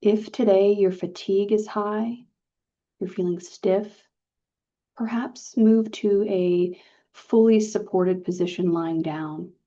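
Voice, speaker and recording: A woman leading a guided relaxation session, speaking calmly and gently with soft pauses. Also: medium pitch. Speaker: meditation guide. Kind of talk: guided meditation talk. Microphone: video call. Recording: dull lo-fi video call audio.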